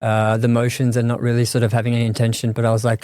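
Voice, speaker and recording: Male guest, mid pitch, monotone delivery, halting and reflective, dry close sound. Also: smooth, no echo. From Australia. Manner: thoughtful, halting, many restarts and fillers. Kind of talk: reflective conversational interview.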